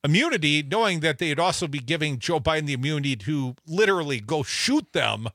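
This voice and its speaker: A man co-hosting a call-in radio show, his slightly high voice animated and bright. He weighs in with opinions and drops jokes between calls. The studio sound is dry. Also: brisk, no echo. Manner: jokey, opinionated, lively. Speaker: radio talk show co-host. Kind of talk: casual call-in talk radio.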